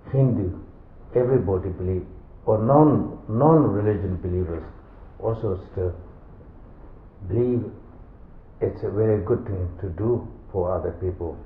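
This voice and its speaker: Slow halting man giving a dharma talk. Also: low-pitched. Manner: slow, halting, simple phrasing. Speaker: Buddhist teacher. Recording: echoey, phone-like sound.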